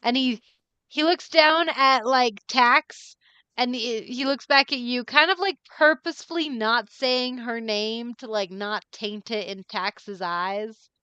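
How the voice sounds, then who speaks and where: A woman runs a tabletop game, narrating slowly in a relaxed, giggly way. Her voice is fairly high, smooth and clear. The sound is dry and a little muffled, like a stream recording. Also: no echo. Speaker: dungeon master. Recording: dull, muffled stream audio.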